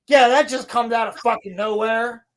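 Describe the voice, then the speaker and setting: A woman's voice: a little high, steady tone, moderate pace. Sarcastic, swearing woman podcast host. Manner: sarcastic, profane, mocking impressions of characters. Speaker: podcast host reviewing a TV episode. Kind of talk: casual sarcastic recap.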